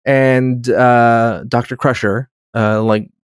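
A man's voice: medium pitch, steady tone, takes it slowly, clean tone, dry recording, studio quality. A man in casual podcast chat, rambling, swearing freely and acting out characters. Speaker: podcast co-host.

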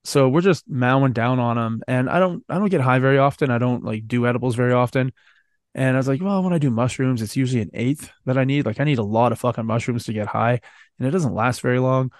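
A man's voice: medium pitch, fast talker, dry recording, studio quality. A man co-hosting a podcast, telling rambling stories in casual chat, swearing freely and laughing often. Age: adult. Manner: profane, storytelling, laughs often. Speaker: podcast co-host.

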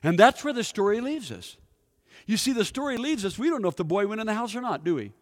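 Male pastor, storytelling sermon with questions to the congregation; slightly high voice, long hall reverb. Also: sing-song, fast.

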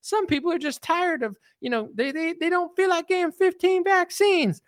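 A man doing a meek falsetto co-host lady. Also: normal speed, no room sound, studio quality. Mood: placating. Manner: hesitant, placating falsetto. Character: meek female radio co-host, placating.

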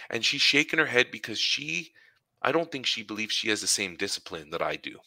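A man's voice: medium pitch, animated, brisk, creaky, bright, forceful tone, no echo. A man in his forties co-hosting a podcast, telling rambling stories in casual chat and laughing often. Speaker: podcast co-host.

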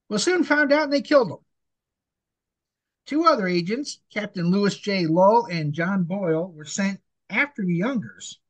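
A podcast co-host telling history in a casual, jokey way. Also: medium pitch. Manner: jokey, animated storytelling.

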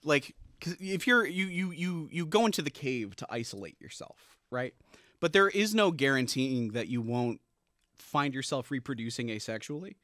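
A man's voice: mid-range voice, sing-song, moderate pace, fairly bright tone, no echo, clean studio sound. A young man chatting casually as a podcast co-host, rambling through jokey ideas with lots of stammered restarts. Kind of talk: casual comedic chat.

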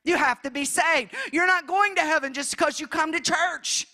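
A woman preaching in a church, telling her testimony with emotion, moving between hushed passages and loud ones. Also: high-pitched, normal speed. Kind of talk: testimony sermon.

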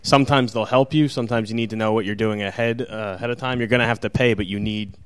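A man's voice: fairly low pitch, steady tone, fast, smooth. A man on a convention panel sharing practical, matter-of-fact advice. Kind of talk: panel talk.

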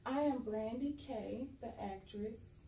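A woman's voice: fairly high pitch, slow pace. A young woman from California, an actress guest talking candidly and laughing often in a casual interview. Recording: roomy echo, voice a bit far from mic, faint noise.

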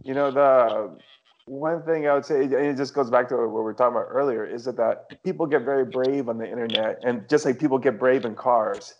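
Brief: relaxed man, middle pitch, dry humor, dull lo-fi recording. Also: fairly quick. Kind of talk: casual conversation. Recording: dull lo-fi audio.

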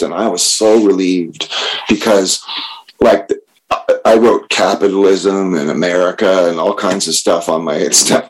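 A man telling a candid personal story about his recovery, halting and self-deprecating. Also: deep voice, husky, rough recording. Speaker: speaker sharing recovery story.

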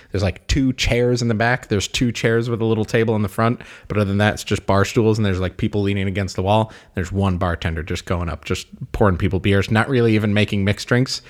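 A young man telling stories on a podcast in a loose, rambling way. His voice sits a little low, and "like" keeps slipping into his sentences. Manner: rambling storyteller, many "like" fillers. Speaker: podcast co-host. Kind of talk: casual chat.

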